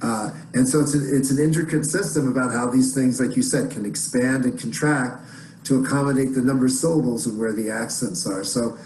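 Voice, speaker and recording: A man's voice: medium pitch, brisk, darkish tone, reverberant, a little hiss or hum, rough recording. A man hosting an online music workshop, explaining in a rambling, encouraging way with many restarts. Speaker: workshop host.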